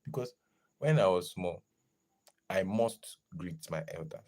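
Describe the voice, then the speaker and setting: A young man chatting casually on a live stream, lively and greeting viewers in the chat as he talks. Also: low-pitched, a little slow. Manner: animated, greets chat viewers, slips into pidgin.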